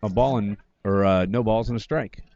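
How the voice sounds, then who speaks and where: A man doing brisk, wry radio play-by-play of a baseball game from a booth at the field, correcting himself as he goes. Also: on the low side, noisy background. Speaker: play-by-play announcer. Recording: slightly dull lo-fi broadcast audio.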